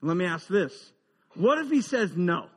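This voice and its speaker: A man preaching a humorous, conversational sermon, dropping into quiet asides and rising into emphatic build-ups. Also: high-pitched, very animated, a little slow, husky, big-room sound. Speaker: pastor.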